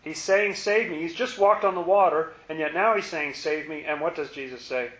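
A man's voice: a little high, normal speed, a bit bright. A man leading a Bible study in a conversational way, repeating words and asking his listeners questions. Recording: echoey room, muffled lo-fi sound.

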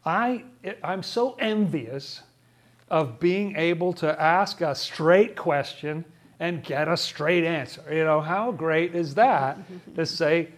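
Guy teaching bible study, slightly high voice, joking around, laughs a lot. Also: slow. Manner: chatty and wry, laughing often. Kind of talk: casual Bible study discussion.

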